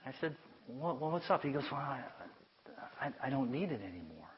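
Guy preaching a sermon story, chatty, laughs at himself, goes soft on the sweet parts, kinda muffled lo-fi sound. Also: mid-range voice, very animated, normal speed. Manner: chatty, self-amused, drops to a hush for tender lines. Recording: dull lo-fi sound.

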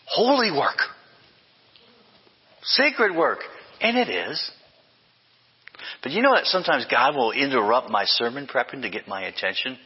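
A man's voice: mid-range voice, very animated, unhurried, pauses often, breathy edge, long reverb tail, lo-fi sound. An older man preaching a sermon as pastor, emphatic, with repeated refrains and self-corrections.

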